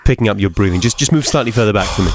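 Dry, impatient radio host. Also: male voice, on the low side, rapid-fire, background noise. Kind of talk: comic radio sketch.

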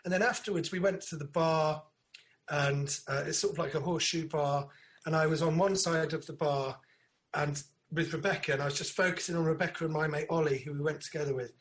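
A man, a comedian, telling a sweary, animated story in casual podcast chat. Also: fairly high pitch, a little fast.

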